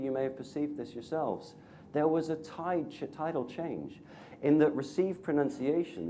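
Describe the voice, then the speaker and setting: Male actor from North Wales telling a story to teachers. Lively, swinging delivery with frequent laughs. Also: medium pitch, a little hiss or hum. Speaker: actor and voice coach guest speaker. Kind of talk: anecdotal talk to teachers.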